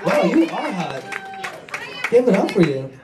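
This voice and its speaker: A man performing a stand-up comedy set, excitable and self-mocking, bantering with the crowd. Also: high-pitched, measured pace. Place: comedy club stage with audience. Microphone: wireless handheld mic. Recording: echoey club, mic far off, crowd noise.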